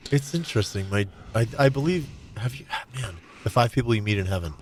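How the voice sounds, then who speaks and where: A middle-aged man telling his own story candidly and reflectively, his voice often trailing off soft and low. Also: lively intonation, fast talker, background noise. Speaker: guest.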